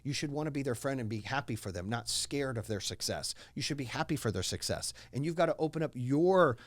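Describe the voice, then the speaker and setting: Fast, animated man in his forties. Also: medium pitch, dry recording. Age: 40s. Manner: brash, boastful storyteller with big swings in loudness. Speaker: guest, entrepreneur. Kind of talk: casual interview chat.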